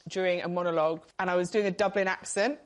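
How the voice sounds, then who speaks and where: A woman's voice: lowish voice, fairly even intonation, quick pace. A young woman, a panel show guest, telling a funny story in a chatty, laughing way. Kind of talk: comic anecdote.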